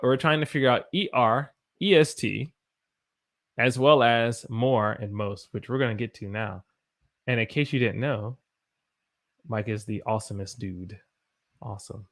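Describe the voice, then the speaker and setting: Brief: American male English teacher, mid-pitched voice, casual live-stream talk that answers viewers between examples. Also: fairly bright tone. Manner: stops to self-correct and search for examples.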